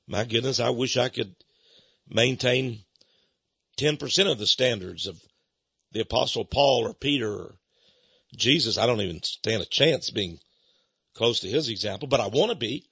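A Texan man hosts a religious radio program, his booming voice swelling into fired-up rants. His tone is bright and forceful but husky, with a gravelly edge. The broadcast sounds dry and dull, like lo-fi radio. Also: expressive, normal speed, dry recording. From Texas. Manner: booming, gets carried away into impassioned rants. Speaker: radio host. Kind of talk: religious radio talk and preaching.

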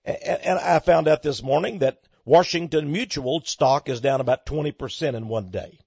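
A man giving emphatic, preaching-style commentary on the news, asking rhetorical questions and swinging between loud and soft. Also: on the high side, normal speed, creaky, husky, dry recording. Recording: dull lo-fi dry recording.

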